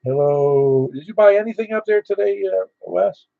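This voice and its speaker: Gravelly man on a lo-fi radio net. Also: high voice, animated, moderate pace, no room sound. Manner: easygoing, rambling, with fillers. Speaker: net control of a ham radio net. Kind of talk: casual radio chat. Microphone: radio transceiver mic. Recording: dull dry lo-fi radio audio.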